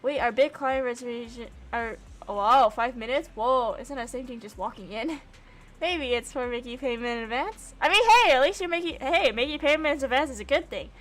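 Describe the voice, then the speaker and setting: A young woman streaming a game, giving casual commentary in an excitable, gushing manner and swearing freely. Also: fairly high pitch, a little fast.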